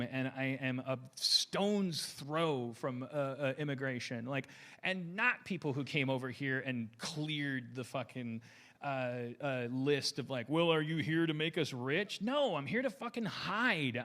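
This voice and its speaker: A man's voice: a little high, fairly bright tone. A man in his forties hosting a podcast, rambling and stammering through a heated, profane rant. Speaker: podcast host.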